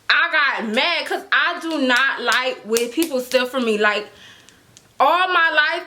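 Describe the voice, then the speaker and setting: A young woman telling a storytime vlog in casual slang, animated, laughing often and acting out quotes. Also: sits high. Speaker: storytime vlogger.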